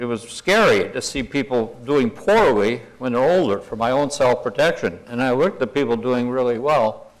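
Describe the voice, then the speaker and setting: An older man addresses a conference audience in a folksy, meandering way, pausing to chuckle at his own asides. His voice sits in an ordinary middle pitch. He slips easily into a gentle guided imagery exercise. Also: low-quality recording. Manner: folksy, wandering, self-deprecating, with chuckles. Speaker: conference speaker. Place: conference room.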